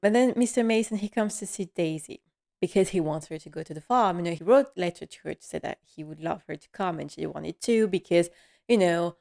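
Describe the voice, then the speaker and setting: A woman's voice: on the low side, a little fast, vocal fry, a little mellow. Chatty woman recapping a TV episode. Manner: chatty, laughs often, many fillers.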